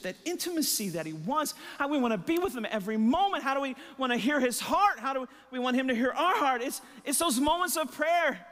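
A man's voice: extremely high pitch, a bit bright, big-room sound. A male pastor preaching an impassioned sermon with emphatic repetition and rhetorical questions, his voice a little strained. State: voice strained, catching his breath. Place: church sanctuary.

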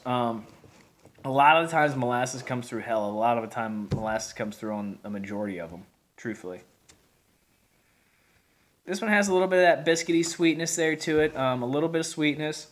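A man talks through a beer review in a loose, folksy ramble, circling back with plenty of fillers and restarts. His voice sits slightly higher than most men's. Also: fairly bright tone. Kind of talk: casual video review.

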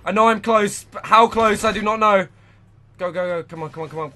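A young man giving live gameplay commentary, muttering to himself one moment and shouting at the game the next. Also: high voice, a little fast. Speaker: gaming channel host.

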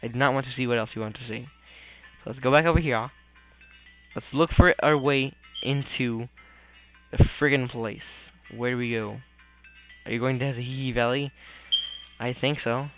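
Goofy let's player, smooth voice, tinny phone-like recording, faint game music. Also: male voice, medium pitch, fairly even intonation, moderate pace, long pauses. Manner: goofy, rambling, mutters complaints. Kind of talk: casual gameplay commentary.

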